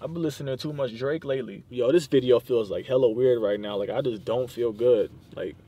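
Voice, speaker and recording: A man's voice: medium pitch, brisk, warm tone, breathy edge. A young man vlogging from inside his car, talking loose and slangy, peppered with "like" and swearing, tired and sleep deprived. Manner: loose slangy rambling, heavy use of "like", cursing. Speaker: YouTube vlogger. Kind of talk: casual vlog talk to camera.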